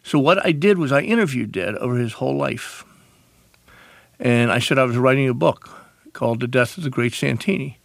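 A man, a radio interview guest telling animated stories and acting out the voices of family members. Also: medium pitch, moderate pace, creaky, dry recording, studio quality. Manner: animated storyteller, acts out quoted voices.

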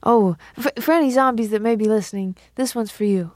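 A woman's voice: a little high, fairly quick, no room sound, clean studio sound. A woman musician answering interview questions in a rambling, self-mocking way, stumbling over her words. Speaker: musician guest. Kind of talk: interview chat. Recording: loud instrument music behind.

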